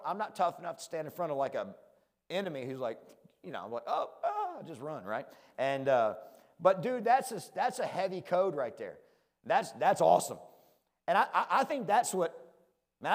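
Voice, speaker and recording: Pastor, male, country accent, fairly high voice, punchy casual sermon delivery. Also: in a large hall. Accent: rural American country. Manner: fired-up, self-deprecating, keeps asking "right?". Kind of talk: conversational sermon.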